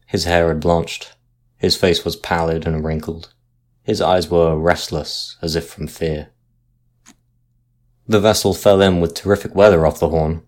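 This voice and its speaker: A man reading a sea ghost story aloud in a measured, dramatic narration style. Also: low-pitched.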